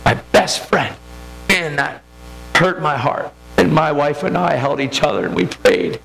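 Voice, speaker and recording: A man preaching a sermon, telling a personal testimony with emotional intensity that builds toward near-shouting. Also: on the high side, very animated, measured pace, creaky, soft background music, poor audio.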